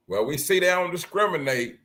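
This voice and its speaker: A man running a live reaction stream, loud and crude as he jokes with his chat. His voice sits a little high and swings widely up and down as he talks. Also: a little fast. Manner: loud, crude, animated banter with viewers. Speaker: livestream host.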